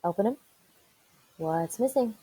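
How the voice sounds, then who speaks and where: A woman teacher leading an online reading lesson for young children, spelling words out slowly and encouraging them. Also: mid-range voice, animated, mellow, husky, no room sound, poor audio. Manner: encouraging, slow and deliberate spelling aloud.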